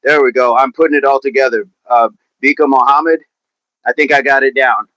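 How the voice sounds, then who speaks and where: A man's voice: medium pitch, fairly even intonation, a little fast, bright, forceful tone, no echo. A man hosting a daily fitness livestream, chatting casually while stretching and reading viewer comments aloud in a playful way. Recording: dull lo-fi sound, dry.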